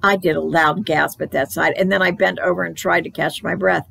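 A woman reading a children's book aloud for library storytime, in a playful, animated storytelling manner. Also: on the low side, a little fast, gravelly, husky, poor audio.

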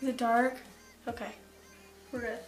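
A woman's voice: on the high side, little pitch movement, measured pace, soft background music. A young woman vlogging while her makeup is done, chatting casually, teasing and laughing often. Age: young adult. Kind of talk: casual chat. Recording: roomy home room echo.

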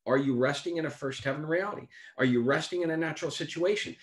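A man teaches the Bible in a loose, conversational sermon style. His voice sits a little higher than most men's. He leans hard on key phrases and keeps asking rhetorical questions. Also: fast talker. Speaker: preacher.

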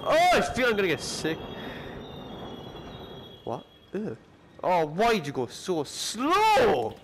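A man commentating his own VR horror gameplay, jumpy and swearing, often shrieking and yelling at the enemies. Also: high voice, wildly swooping pitch, takes it slowly, background noise. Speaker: gamer playing a VR horror game.

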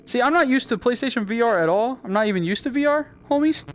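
A woman hosting her own gaming channel, chatting and joking through a VR game and breaking into loud yells. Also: expressive, fast talker, slight background noise. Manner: chatty, jokey, bursts into high yelling. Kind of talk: casual gameplay commentary.

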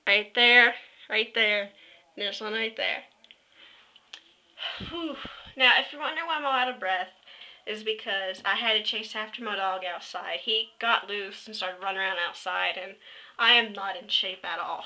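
Rambling casual woman vlogger, slightly high, bright tone, close camera mic. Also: low-quality recording. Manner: chatty and rambling, many fillers and self-corrections. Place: at home, indoors. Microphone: built-in camera mic, close to face.

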